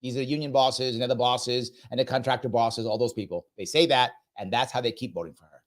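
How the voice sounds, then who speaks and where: A man's voice: medium pitch, fairly even intonation, fast talker. A man hosting a live reaction show who comments in an emphatic, sarcastic and mocking way. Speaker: host of a political commentary show.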